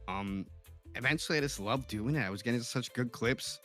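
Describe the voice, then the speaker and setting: Male streamer guest, mid-pitched, talkative and animated, faint music behind. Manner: talkative, quick restarts, animated. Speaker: podcast guest, roleplay streamer. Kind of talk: casual chat.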